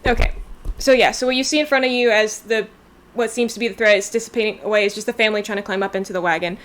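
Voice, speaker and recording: A woman's voice: mid-range voice, fairly even intonation, quick pace, fairly bright tone. Woman game master narrating a scene. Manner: loose, descriptive scene-setting.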